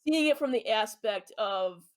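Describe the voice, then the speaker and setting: A woman's voice: medium pitch, animated, unhurried. A woman co-hosting a podcast, explaining at length in casual chat with many ums and uhs. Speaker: podcast co-host. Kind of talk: casual chat about a video game.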